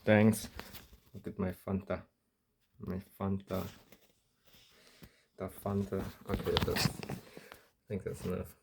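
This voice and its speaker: A man's voice: deep voice, flat delivery, slow pace, vocal fry, long pauses, heavy background noise. A young man chatting casually on a live stream, rambling playfully and toying with mock accents.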